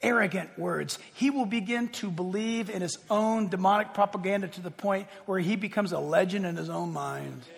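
A man preaching a sermon, emphatic, swinging from loud declarations to hushed, quiet passages. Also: high-pitched, normal speed, vocal fry, hardly any pauses. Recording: long hall reverb.

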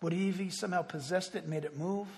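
High-voiced animated preacher in a reverberant hall. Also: male voice, fast, vocal fry. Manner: animated, swinging between loud exclaims and hushed asides. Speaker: pastor. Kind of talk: sermon.

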